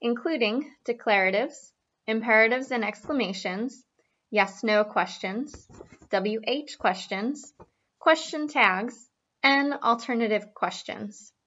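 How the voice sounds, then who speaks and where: Woman, fairly high voice, reading presentation script, even delivery, dull muffled sound. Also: takes it slowly. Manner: reads a prepared script evenly. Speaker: student presenter. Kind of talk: classroom presentation.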